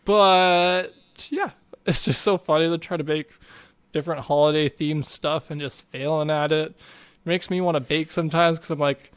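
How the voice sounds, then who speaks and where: A man's voice: a little high, moderate pace, clear, resonant tone. Rambling, laughing podcast co-host guy. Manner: rambling, animated, laughs often. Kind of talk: casual chat.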